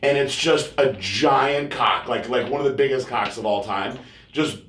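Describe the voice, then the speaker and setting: A man hosting a podcast, telling a crude story in a rambling casual way and mimicking others in high voices. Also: normal speed, fairly bright tone, a little hiss or hum. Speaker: podcast host. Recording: echoey room.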